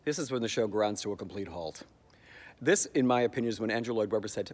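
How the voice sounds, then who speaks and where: A man giving a sarcastic comic recap of a stage musical's plot, jumping into high squeaky voices to mock the characters. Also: normal speed, long reverb tail. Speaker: comedic theatre commentator.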